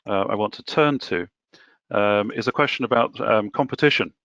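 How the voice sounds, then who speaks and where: Male webinar moderator, lowish voice, halting with fillers, dry and dull lo-fi sound. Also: vocal fry, a bit bright, no room sound. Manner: hesitant, with frequent filler sounds.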